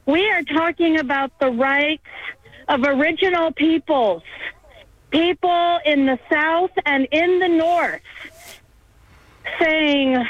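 Breathless high-voiced woman activist. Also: slow, pauses often, dry recording, muffled recording. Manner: earnest, emphatic. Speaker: activist guest. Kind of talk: phone-in interview while marching.

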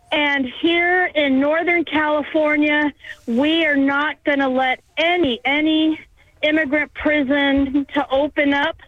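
A woman's voice: high voice, fairly even intonation, takes it slowly, no room sound, phone-quality sound. A woman activist giving an earnest, emphatic interview while out of breath from marching. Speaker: activist guest.

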